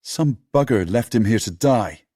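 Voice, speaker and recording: A man voicing an upset young boy who loves dogs and ends up shouting in rage and grief. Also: on the low side, expressive, unhurried, slightly rough, no echo, clean studio sound, pitched above the performer's own voice. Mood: upset, insistent. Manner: shouts and screams in fury.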